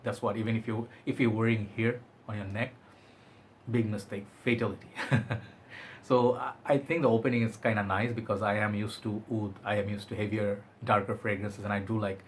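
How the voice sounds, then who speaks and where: A man's voice: lowish voice, flat delivery, normal speed, slight background noise. A man giving a chatty, enthusiastic product review, often hedging with "I think". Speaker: fragrance reviewer.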